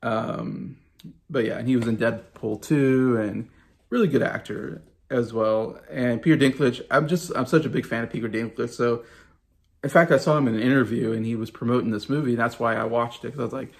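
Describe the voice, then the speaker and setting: Casting: thirties man, gravelly voice, chatty self-correcting reviewer. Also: mid-range voice, a little fast. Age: 30s. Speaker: movie review vlogger. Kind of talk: casual movie review talk.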